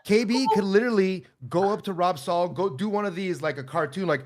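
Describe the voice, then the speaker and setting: A man riffing in animated, rambling jokes with sound effects in a casual podcast chat. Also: high voice, a little fast.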